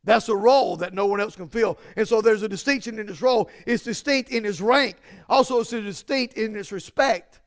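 A man's voice: high-pitched, a little fast. A man preaching a sermon, emphatic and repetitive, with frequent restarts and building stress.

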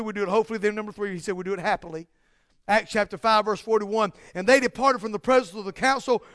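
A man preaching a sermon, building to loud, emphatic peaks and dropping to quiet, slow asides. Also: high voice, no echo, clean studio sound.

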